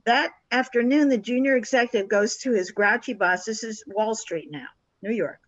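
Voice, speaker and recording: An older woman tells a story with animated energy, slipping into the voices of the people she describes. The sound is dull and lo-fi, with a dry, close feel and no room around it. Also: a little high, moderate pace, no echo. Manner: animated storyteller who acts out quoted dialogue. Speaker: guest. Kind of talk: storytelling in a conversational interview.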